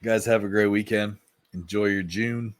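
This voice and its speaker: Low voiced joking guy cohosting a sports podcast, dry close sound. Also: steady tone, no room sound. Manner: jokey, easygoing, quick to agree. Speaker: podcast co-host. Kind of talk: casual sports betting chat.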